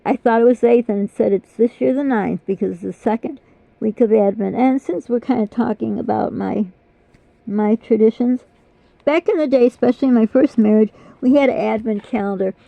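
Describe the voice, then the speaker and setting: An older woman with a fairly high, gravelly voice, chatting on her vlog in a rambling, apologetic way while her mouth hurts. The recording is dull, lo-fi and very dry. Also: normal speed, dry recording. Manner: rambling, apologetic, self-deprecating. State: mouth pain. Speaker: vlogger. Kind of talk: casual chat.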